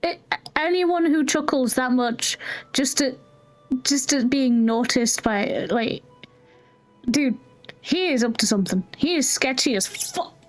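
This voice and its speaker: A woman with a high, expressive voice comments on a game as she plays, keeping a measured pace over soft background music. This gameplay streamer's casual let's-play talk is chatty and jokey, with free swearing.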